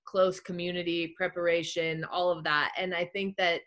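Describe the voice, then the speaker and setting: Woman, lowish voice, rambling, casual chat host. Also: level tone, normal speed, fairly bright tone. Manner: rambling, many fillers. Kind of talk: casual conversation.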